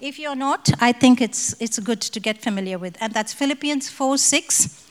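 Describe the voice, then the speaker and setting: A woman from India gives a spoken personal testimony at a prayer conference, telling it vividly and acting out the dialogue. Her voice is fairly high-pitched at a moderate pace, and the rough recording has a long reverb tail.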